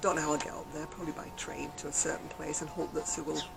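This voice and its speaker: A woman's voice: deep voice, level tone, quick pace, creaky, music in the background, rough recording. An English woman vlogging about her crochet in casual, rambling chat, laughing often as she tells stories, recorded outdoors on a garden deck. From England. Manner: chatty, rambling storyteller who laughs often.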